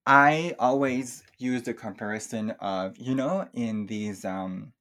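A man speaking English as a second language, talking reflectively and softly with many fillers in a casual chat. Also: mid-range voice, takes it slowly. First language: not English. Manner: reflective, soft-spoken, with frequent fillers. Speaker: podcast guest. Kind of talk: casual chat about emotional healing.

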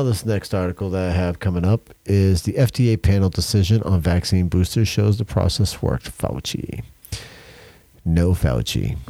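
A man's voice: deep voice, mellow, no room sound. A man hosting a podcast, reading news headlines aloud and arguing against them in a casual, opinionated way. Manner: opinionated, reads headlines aloud then argues. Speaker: podcast host.

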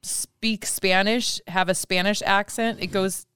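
A woman's voice: mid-range voice, steady tone, slow pace, fairly bright tone, smooth, no echo, studio quality. A woman co-hosting a podcast in casual chat, with a curious, chatty manner. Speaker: podcast co-host.

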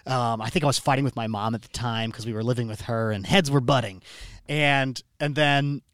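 A man hosting a relaxed podcast, recorded close on a studio mic with no room sound at all. His pitch sits in a middle range, and he tells personal stories in a loose, rambling way, often restarting his sentences. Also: a little fast, no room sound. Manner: rambling, storytelling with many restarts. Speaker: podcast host. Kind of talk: casual podcast chat. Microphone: studio microphone.

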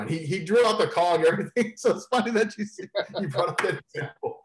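A man being interviewed, telling stories in an animated way and laughing often. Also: high-pitched, quick pace. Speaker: interview guest. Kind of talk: casual storytelling interview.

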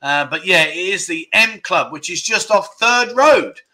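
A man hosting a livestream, reading viewer comments aloud and reacting with loud, jokey exclamations. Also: high voice, measured pace. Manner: excitable, jokey, exclaiming loudly. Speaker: livestream host.

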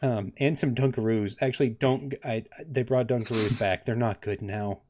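A young man narrating as game master of a tabletop game, halting with many ums and uhs. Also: mid-range voice, steady tone, mellow.

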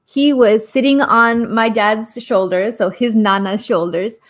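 With a fairly high voice and a measured pace, an activist in her forties speaks as a guest, earnestly and passionately recounting a personal story. She repeats phrases rhythmically and laughs softly now and then.

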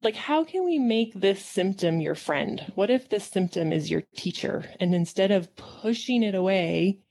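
A woman's voice: mid-range voice, expressive, unhurried, darkish tone. A woman acupuncturist in casual conversation, reflective and upbeat, often laughing as she talks.

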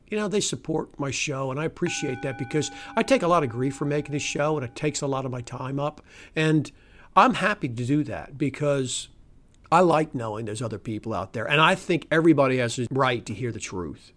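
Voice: medium pitch, a little fast, fairly bright tone. A podcast host ranting alone about politics, cursing freely, scoffing and laughing, sometimes sinking into a tired murmur. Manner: heated, profane ranting; scoffing laughs and exasperated sighs. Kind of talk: solo political rant podcast.

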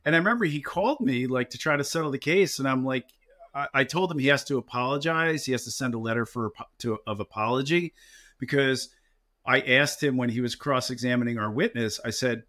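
A man with a New Jersey accent, an injury lawyer co-hosting a podcast, telling courtroom stories in casual chat with lively mimicry. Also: medium pitch, fairly quick. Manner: storytelling, animated mimicry of opposing lawyers.

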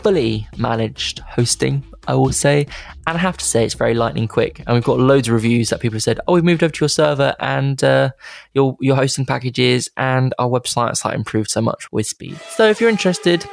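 A man's voice: medium pitch, expressive, brisk, vocal fry. A man hosting a marketing podcast, talking in an enthusiastic, chatty and digressive way. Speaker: podcast host. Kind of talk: casual podcast monologue.

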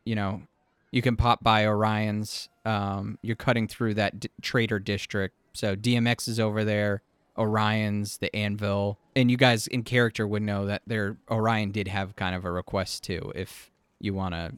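A man's voice: on the low side, little pitch movement, moderate pace, clean tone, no room sound. Laid-back man running a tabletop game. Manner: laughs often, loose and rambling. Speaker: game master.

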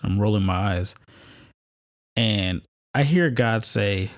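Speaking at normal speed in a fairly low voice, a podcast host who is married with kids recounts a personal story of faith. He tells it casually, like a conversation, with fillers and bursts of laughter.

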